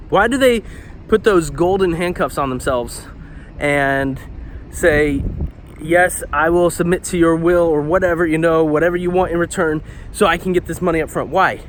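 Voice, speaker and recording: A man's voice: fairly high pitch, fairly bright tone, a little hiss or hum. A web designer and marketer talking casually while he paces, a little out of breath, with lots of fillers. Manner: conversational, lots of fillers and "right?". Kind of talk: casual explainer monologue.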